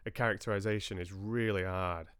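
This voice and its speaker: Deep, smooth-voiced man chatting casually. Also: fairly even intonation, brisk, fairly bright tone, dry recording, clean studio sound. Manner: chatty, rambling, with frequent restarts. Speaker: livestream host and audiobook reader. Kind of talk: casual chat with live viewers.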